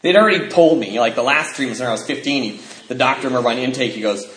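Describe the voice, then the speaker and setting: A man telling his recovery story to an audience as an animated storyteller who laughs as he talks. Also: medium pitch, very fast. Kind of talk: personal testimony to an audience. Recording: echoey room with faint noise.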